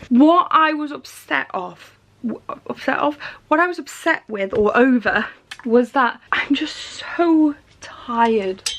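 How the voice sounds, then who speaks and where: High-voiced tired woman vlogger. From England. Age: 30s. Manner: tired, emotional and rambling. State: weary after crying. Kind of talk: personal vlog talk.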